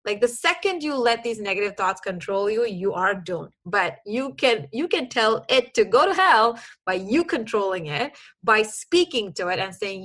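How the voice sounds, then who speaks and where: A woman's voice: mid-range voice, lively intonation, normal speed, fairly bright tone, rough recording. A young woman, a guest in an interview, talking earnestly and animatedly, acting out bits of her own dialogue as she speaks. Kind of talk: casual interview chat.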